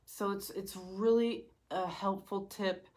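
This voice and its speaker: A woman's voice: mid-range voice, fairly even intonation, slow, darkish tone. A woman guest in a casual chat, explaining advice in an encouraging way.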